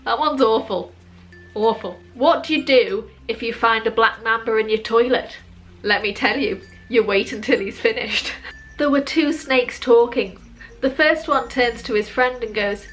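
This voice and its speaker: A woman reading a long list of pun jokes, landing the punchlines slowly and dryly and adding wry asides. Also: a little high, faint music behind. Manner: dry, slow deadpan punchlines with wry self-commentary. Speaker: joke video creator.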